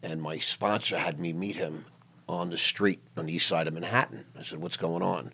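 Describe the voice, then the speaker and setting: A man's voice: low-pitched, steady tone, moderate pace, bright, forceful tone, husky. An older man hosting an interview in a studio, emphatic and prone to repeating himself as he tells personal stories. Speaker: podcast host. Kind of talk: emotional interview chat.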